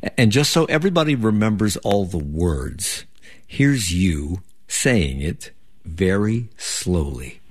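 A male interviewer with a low, slightly husky voice leads a casual conversation. His pitch rises and falls a lot as he asks questions, often stumbling over a word as he starts a sentence. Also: very animated, slow pace. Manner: curious, chuckling, stammers on restarts.

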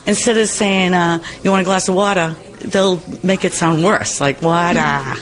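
A woman's voice: on the low side, steady tone, normal speed. A woman with a strong Boston accent, chatting casually in a street interview. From Boston area, USA. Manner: chatty and laughing. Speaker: person waiting at an open casting call.

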